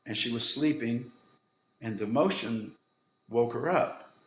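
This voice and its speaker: Guy in his usual pitch telling a story, earnest, pauses for effect, echoey room. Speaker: instructor. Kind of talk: storytelling talk.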